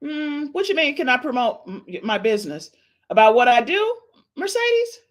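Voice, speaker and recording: This podcast host has a slightly high voice and talks at normal speed. Running a casual live stream, she's animated and playful with her chat, saying meow to them, and her speech follows African American Vernacular English patterns.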